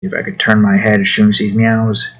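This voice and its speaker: A man's voice: on the low side, monotone, brisk, a bit bright, slightly rough. Man muttering while drawing, scolding his cat. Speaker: artist drawing on stream. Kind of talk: casual commentary while drawing.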